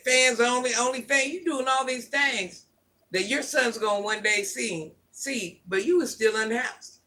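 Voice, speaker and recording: A woman's voice: fairly high pitch, pushed and bright. A middle-aged woman hosting a livestream, ranting bluntly at viewers and repeating her points like a sermon. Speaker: livestream host.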